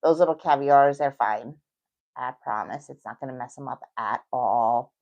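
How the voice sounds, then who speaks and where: A woman's voice: extremely low pitch, moderate pace, a little mellow, dull audio. A middle-aged woman with a New York accent, chatting casually and reassuringly as she demonstrates a nail technique while thinking aloud. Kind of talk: casual tutorial talk.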